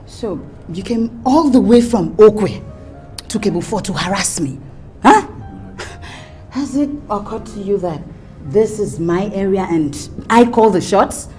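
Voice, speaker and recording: A woman's voice: mid-range voice, lively intonation, unhurried, a little mellow, soft background music, close to an everyday voice. An actress with a Nigerian English accent playing an indignant, defiant young woman. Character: defiant young woman who calls the shots. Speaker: young woman defending herself.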